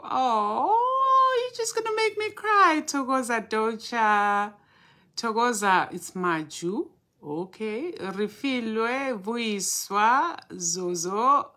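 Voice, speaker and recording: A woman, a spiritual teacher hosting a live stream, who greets her viewers one by one by name before she starts teaching. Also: on the low side. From Southern Africa.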